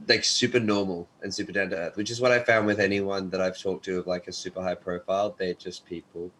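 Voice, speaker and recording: A man's voice: low voice, level tone, fast, a bit bright, a little hiss or hum, poor audio. A young Australian man chatting loosely on a podcast, full of "like" and "you know". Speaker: podcast guest, actor and athlete. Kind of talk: casual podcast chat.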